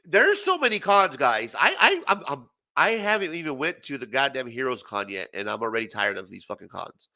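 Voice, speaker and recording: Medium in pitch and a little fast, this forties-aged man is hosting a comics talk show. He's animated and profane, breaking into laughter often during a casual late-night rant.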